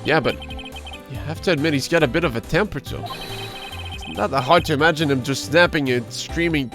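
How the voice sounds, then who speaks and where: A man's voice: on the high side, brisk. Man reading game lines over music. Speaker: streamer playing a visual novel. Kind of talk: reading game dialogue aloud.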